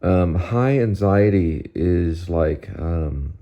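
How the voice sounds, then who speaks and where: A man's voice: deep voice, animated, extremely slow, dark tone, muffled recording. A man vlogging at home, casually rambling about a movie, drifting off topic and groping for actors' names. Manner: rambling, digressive, gropes for names. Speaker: vlogger host. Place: at home near a TV.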